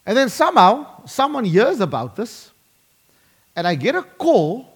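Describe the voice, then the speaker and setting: A man preaching a sermon, emphatic and slowing down dramatically to drive points home. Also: sits high. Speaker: pastor.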